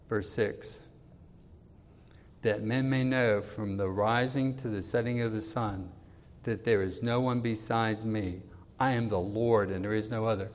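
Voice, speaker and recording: A man preaching in a deliberate, unhurried way, his voice sitting somewhat low. Scripture readings come out louder and firmer, and personal appeals drop soft and quiet. Long reverb hangs on his words. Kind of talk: expository sermon.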